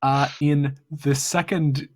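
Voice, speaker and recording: A man chatting casually between game sessions, talking haltingly, stumbling over his words and laughing as he goes. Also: a little high, fairly even intonation. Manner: halting, stammers and laughs mid-sentence. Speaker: player.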